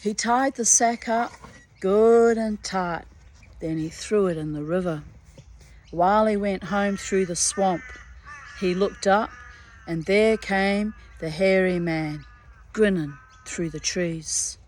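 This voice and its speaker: A woman reading a folktale aloud as a storyteller, unhurried, with chatty personal asides. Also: medium pitch, a little mellow.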